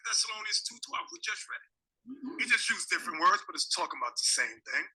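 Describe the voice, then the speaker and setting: A man's voice: sits high, big pitch swings, a little fast, sharp tone, breathy edge, low-quality recording. A man preaching a sermon, directing listeners to passages of scripture.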